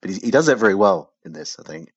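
A man chatting casually as a podcast co-host, full of trivia and quick asides. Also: sits low, expressive, slightly rough, no room sound, dull audio. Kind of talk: casual chat about old British TV.

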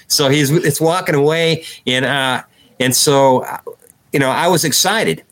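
A man, a podcast guest, recounting an outdoor encounter step by step in detailed, animated conversational storytelling. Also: a little high, measured pace. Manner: animated, acts out quoted dialogue.

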